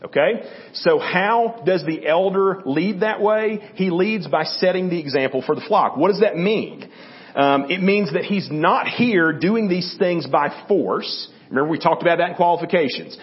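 A man's voice: high-pitched, lively intonation, moderate pace, highs cut off. A man giving a conversational Bible teaching, often checking in with his listeners by asking "okay?" and "right?". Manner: conversational, with restarts and fillers. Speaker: church teacher.

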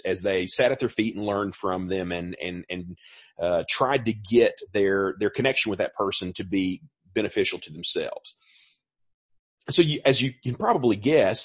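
A middle-aged pastor preaching a sermon in a conversational way, with frequent fillers and restarts. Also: male voice, mid-range voice, husky, no echo.

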